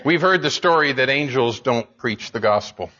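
A man's voice: medium pitch, lively intonation, moderate pace, sharp tone, highs cut off. A man preaching a sermon in an earnest way, building emphasis and often restarting his words as he speaks. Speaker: pastor.

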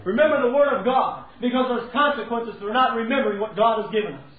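Male preacher, high voice, folksy sermon, echoey church recording. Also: fast. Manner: folksy, acting out everyday scenes. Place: church sanctuary. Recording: tinny, roomy, from far off.

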